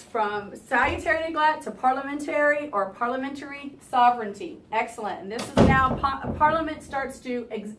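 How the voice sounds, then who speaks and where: A woman teacher running a review lesson for her class, lively and chatty, pitched a touch high. She is recorded from across an echoey classroom, with faint room noise behind her. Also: distant mic. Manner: lively, talks to students, keeps asking "right?". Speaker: history teacher.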